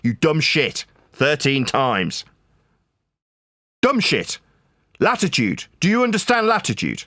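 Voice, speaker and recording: A man rants and mocks in a heated online debate, his voice high and sharp. He repeats himself and barks insults, sounding bright and dry, close to the mic. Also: wildly swooping pitch, slow, no room sound. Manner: shouting insults, mocking, repetitive. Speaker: debate caller.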